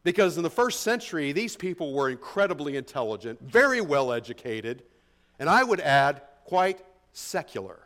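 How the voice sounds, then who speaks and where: A man with a notably high speaking voice preaches through a passage of scripture. He talks to the congregation in a conversational way, presses his points with emphasis and keeps asking them rhetorical questions. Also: big pitch swings, normal speed, fairly bright tone. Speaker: pastor. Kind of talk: expository sermon.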